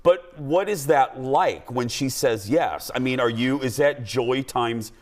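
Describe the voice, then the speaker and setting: A man hosting a lively talk show, chatting fast and turning to the audience with asides. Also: mid-range voice. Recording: studio with audience and noise behind.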